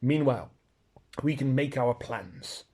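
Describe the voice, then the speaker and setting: A man reading aloud, voicing a proud and blunt talking male horse who lectures in a brisk, scornful way. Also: medium pitch, a little mellow, breathy edge. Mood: planning.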